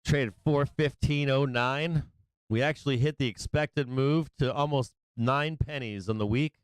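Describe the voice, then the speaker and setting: A man hosting a live stock market stream, giving brash, excitable trader banter as prices move. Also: mid-range voice, unhurried, clear, resonant tone, no echo. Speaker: stock market livestream host.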